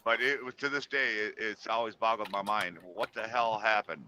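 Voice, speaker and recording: A man's voice: on the low side, moderate pace, pushed and bright, no room sound, low-quality recording. A man casually telling a personal story in a chat, rambling with fillers and restarts.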